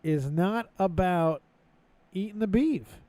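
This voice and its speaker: American man, loud crude banter, lively pitch. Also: slow, dry recording. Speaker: podcast host. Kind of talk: casual livestream chat.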